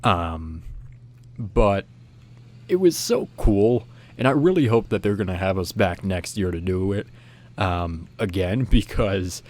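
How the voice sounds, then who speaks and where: A man's voice: low voice, lively intonation, slow, a little mellow. A young man telling a personal story in a casual, rambling way, with lots of fillers and restarts. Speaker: channel host.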